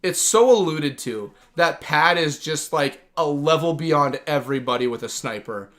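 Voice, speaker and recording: A man with an animated, slightly bright voice that sits a little high talks at normal speed while hosting a gaming stream. He's enthusiastic and casual, rambling and using "like" heavily.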